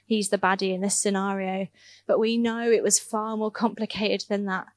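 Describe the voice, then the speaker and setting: A woman's voice: mid-range voice, no room sound. A woman, a youth ministry worker, telling casual, earnest stories in a church talk, laughing now and then and often saying "like". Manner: casual, earnest, laughs at her own stories, many fillers like "like". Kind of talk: church talk, personal storytelling.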